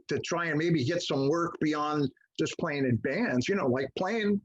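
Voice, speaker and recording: An older man telling stories in an interview, animated and acting out the voices of people he quotes. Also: fairly high pitch, a little slow, husky. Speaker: guest musician. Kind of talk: storytelling interview. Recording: muffled lo-fi audio.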